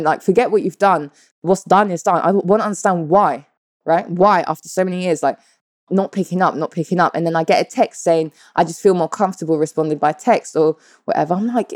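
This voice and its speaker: Blunt woman, low-voiced storyteller. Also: no room sound, studio quality. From United Kingdom. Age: 30s. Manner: animated, blunt and profane, addresses viewers directly. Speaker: vlogger. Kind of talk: candid personal storytelling.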